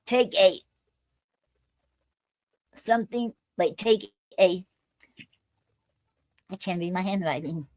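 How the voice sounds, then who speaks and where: Woman poet talking haltingly, dry close sound. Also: medium pitch, darkish tone, dry recording. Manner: halting, many fillers and restarts. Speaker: poetry show host. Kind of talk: casual live-stream chat.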